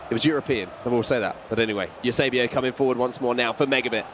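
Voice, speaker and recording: A man giving play-by-play commentary on an esports football match, calling the action and rising with excitement at chances. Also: medium pitch, racing, background noise.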